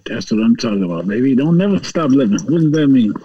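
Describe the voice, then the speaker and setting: A man's voice: mid-range voice, lively intonation, quick pace, mellow. A man, a podcast co-host, reacting with laughs and short quips in casual chat. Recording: distant, dull-sounding mic.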